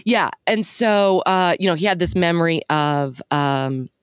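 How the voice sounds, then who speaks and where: Thoughtful woman with a lowish voice. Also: a little slow, smooth, dry recording, clean studio sound. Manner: thoughtful, searches for words. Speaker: podcast co-host. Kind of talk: casual chat.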